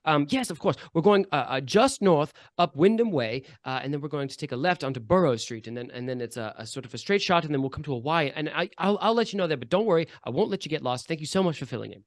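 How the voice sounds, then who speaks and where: A man's voice: a little high, lively intonation, no echo, clean studio sound, close to an everyday voice. A man putting on a kindly, fussy noblewoman. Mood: apologetic. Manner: fussy, halting, apologetic. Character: kindly, apologetic noblewoman in a carriage.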